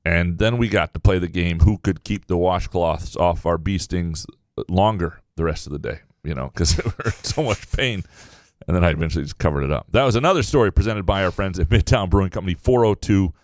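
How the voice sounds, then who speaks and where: Deep-voiced man telling rambling stories. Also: brisk, a little mellow, dry recording, clean studio sound. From Michigan. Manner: rambling, restarts sentences, storytelling. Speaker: sports podcast co-host. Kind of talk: casual sports chat.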